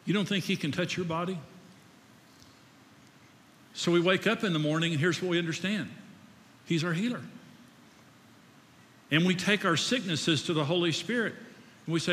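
Older guy preaching, bright forceful voice, talks to the crowd like a chat, long hall echo. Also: high voice, moderate pace, pauses often. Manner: conversational, asks the audience questions, self-deprecating. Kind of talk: sermon. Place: church hall. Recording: echoey hall.

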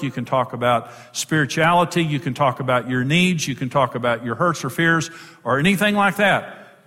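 A man's voice: a little high, a bit bright. A man giving an emphatic teaching talk on marriage to an audience, repeating key words for stress. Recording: long hall reverb.

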